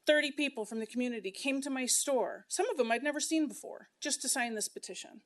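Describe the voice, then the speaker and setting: A woman's voice: sits high, lively intonation, quick pace. A middle-aged woman who owns a local business, making an impassioned, indignant public comment at a council meeting. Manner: impassioned, indignant, speaking in bursts.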